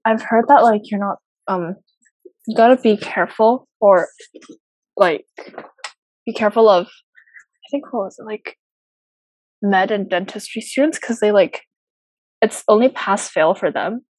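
A woman's voice: medium pitch, a little slow, pauses often, darkish tone, husky, no echo, low-quality recording. A young woman co-hosting a casual podcast, chatty and giggly, with lots of fillers. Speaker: podcast co-host. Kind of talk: casual chat.

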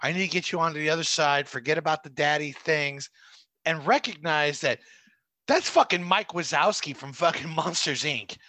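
A man's voice: a little high, moderate pace. A man co-hosting a podcast, chatting casually and joking around with lots of swearing. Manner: animated, jokey, profane. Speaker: podcast co-host.

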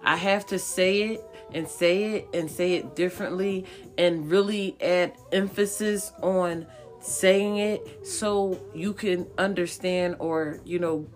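Slow, emphatic woman giving a reading. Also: on the low side, steady tone, soft background music. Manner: emphatic, repetitive, blunt and profane; coaxing and encouraging. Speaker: tarot card reader. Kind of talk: casual spiritual reading to viewers.

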